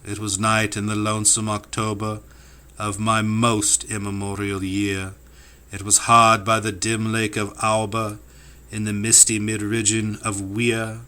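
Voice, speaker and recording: A man's voice: fairly low pitch, completely flat delivery, measured pace, pushed and bright, smooth. A man reading classic poems for an audiobook, with a rhythmic, incantatory delivery that sweeps up and down. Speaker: audiobook reader. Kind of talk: dramatic poetry reading.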